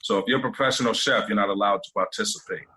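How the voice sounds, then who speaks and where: A man's voice: on the low side, rapid-fire, pushed and bright, husky, poor audio. Easygoing guest chef, a man. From Massachusetts. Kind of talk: casual chat.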